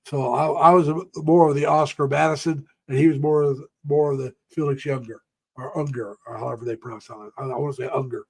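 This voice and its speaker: A man's voice: a little high, steady tone, fast, gravelly, few pauses, darkish tone, breathy edge. An older man hosting a casual live stream, telling rambling, folksy stories about the past and greeting viewers by name. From United States.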